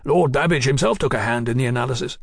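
A man's voice: mid-range voice, fast talker, vocal fry, slightly rough, dry recording, clean studio sound. A man voicing a cheerful, practical male engineer in an audiobook, talking heartily. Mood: hearty.

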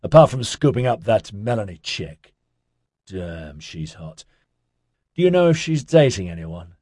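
A man voicing a laid-back, chatty young man who talks in hippie slang with an excitable drawl. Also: fairly low pitch, unhurried, dry recording, studio quality. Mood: teasing.

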